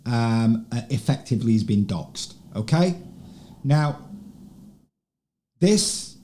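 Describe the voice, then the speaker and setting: A man hosting political commentary, talking slowly and emphatically, repeating words for stress and asking rhetorical questions. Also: medium pitch, dark tone. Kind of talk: slow deliberate commentary.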